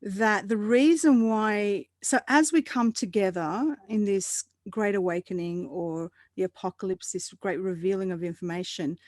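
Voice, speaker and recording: A woman guest in a casual roundtable chat, animated and quick to laugh, often restarting her sentences. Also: medium pitch, no room sound, clean studio sound.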